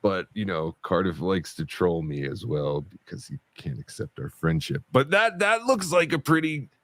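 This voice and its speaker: A man's voice: deep voice, sing-song, moderate pace, fairly bright tone, no room sound. A man co-hosting a podcast, chatting casually and rambling with many asides. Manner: rambling, lots of fillers and asides. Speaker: podcast co-host. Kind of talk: casual chat.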